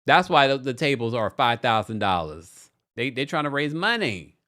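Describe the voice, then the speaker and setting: A man's voice: mid-range voice, moderate pace. A man hosting a live recap show, chatting casually and playfully while reading out viewer comments. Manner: animated, playful, reads viewer comments aloud. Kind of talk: casual livestream chat.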